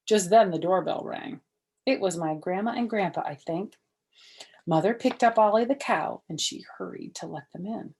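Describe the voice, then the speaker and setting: Older woman reading a kids' book, husky. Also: mid-range voice, moderate pace. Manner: animated, soft and hushed in quiet parts. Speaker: storyteller reading a children's book. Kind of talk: expressive children's book read-aloud.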